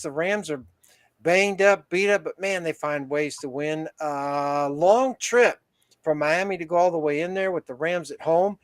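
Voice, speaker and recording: A male host on a casual football talk stream. His voice is quite high for a man, and he loops back and restarts his thoughts as he talks through his picks. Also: fairly bright tone.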